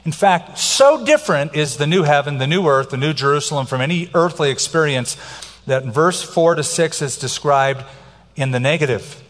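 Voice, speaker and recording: Middle-aged male pastor, emphatic sermon delivery, slightly high voice, big reverberant hall. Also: lively intonation, moderate pace, a bit bright. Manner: emphatic preaching, varies pace for effect.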